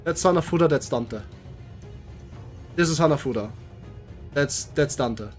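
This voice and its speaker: Young guy streaming a game, hyped reactions, swears a lot, slightly high voice, faint music behind. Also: a little slow. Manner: excitable, swearing, reacting out loud. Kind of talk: live game stream commentary.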